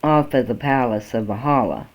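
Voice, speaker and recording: A man reading a first-person story aloud in a slow, halting way, with small restarts, on a dull lo-fi recording. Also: mid-range voice. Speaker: amateur story reader.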